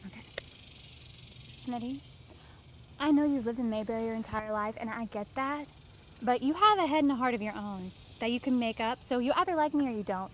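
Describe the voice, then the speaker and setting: A woman's voice: a little high, expressive, brisk, slight background noise, natural voice. A woman playing a blunt, bossy young woman. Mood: firm. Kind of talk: film dialogue.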